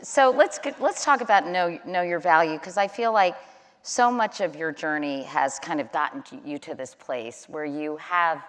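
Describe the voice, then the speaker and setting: A middle-aged woman with a low-pitched voice, leading an onstage interview in an easy conversational way. A long hall reverb trails after her words. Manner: conversational, warm-humored, quick to laugh. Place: large auditorium stage.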